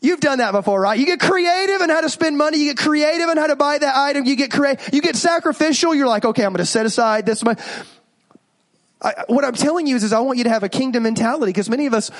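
A pastor in his thirties preaching a sermon, animated and joking as he tells stories and asks the congregation questions. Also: extremely high pitch, fast talker, few pauses.

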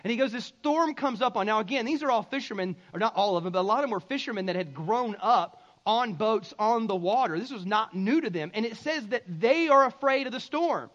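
A man with a very high voice preaches a sermon. He talks to the congregation like a friend and then breaks into loud, emphatic bursts. The recording sounds a little muffled and lo-fi. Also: expressive, a little fast, few pauses. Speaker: pastor.

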